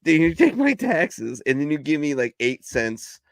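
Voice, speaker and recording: A man's voice: a little high, very animated, normal speed, creaky, no echo. A man hosting a casual livestream, rambling with profane asides over a video call. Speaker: livestream host. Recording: dry close stream audio.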